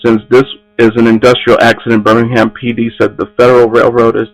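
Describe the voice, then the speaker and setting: A man's voice: medium pitch, completely flat delivery, a little fast, soft background music, poor audio. A man hosting an entertainment news podcast, reading stories aloud with frequent slips and restarts.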